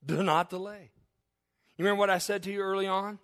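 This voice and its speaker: A pastor preaching a fervent sermon, swinging between soft asides and loud, rising declarations, chuckling now and then. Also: male voice, high voice, fairly even intonation, normal speed, pauses often.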